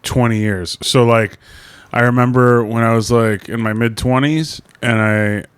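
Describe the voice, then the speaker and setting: A man's voice: mid-range voice, fairly even intonation, unhurried, smooth, dry recording. A man in his forties co-hosting a casual podcast, laid-back and dry in his replies. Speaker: podcast co-host. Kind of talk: casual comedic chat.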